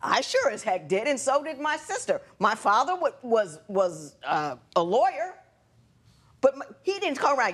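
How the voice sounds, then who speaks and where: Middle-aged woman judge, lectures sternly on a TV court show, animated delivery. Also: on the high side, normal speed, husky.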